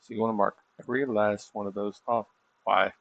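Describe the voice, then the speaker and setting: Middle-aged guy streaming trades, gravelly and kinda lowish, just rambling to chat. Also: steady tone, fairly quick, a bit bright, no room sound, highs cut off. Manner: rambling, self-deprecating, drawling asides. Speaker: livestreaming trader. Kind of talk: casual livestream chat.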